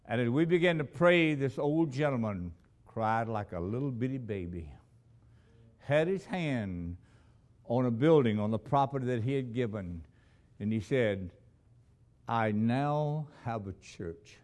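Dramatic preacher man, slow and lively. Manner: dramatic storytelling, swings between loud emphasis and hushed lows. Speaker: missionary preacher. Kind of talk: sermon.

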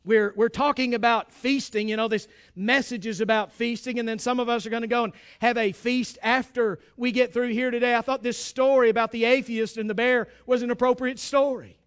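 A man's voice: very high voice, fairly even intonation, fairly quick, hardly any pauses, fairly bright tone, smooth. A male pastor preaching a folksy, emphatic sermon with bits of humor.

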